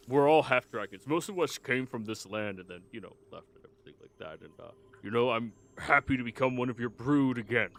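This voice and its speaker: A man's voice: medium pitch, fairly bright tone, close to an everyday voice. A man voicing a nervous, fawning half-dragon who stammers and fills his talk with ums and uhs.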